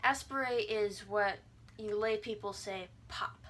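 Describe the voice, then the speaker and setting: A woman's voice: medium pitch, measured pace, fairly bright tone. A young adult woman giving a casual video lesson, breezy and irreverent, sounding out vowels and words as she explains. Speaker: language teacher.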